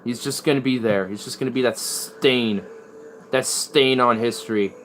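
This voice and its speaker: Casual guitar-playing man, rambling chat, mid pitch, faint hiss. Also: normal speed, fairly bright tone. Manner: rambling, swears freely.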